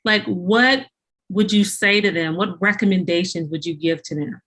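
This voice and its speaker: A woman's voice: on the low side, moderate pace, a bit bright, rough recording. A woman hosting an interview, asking her guest questions in a supportive way. She keeps the talk going with frequent affirming murmurs.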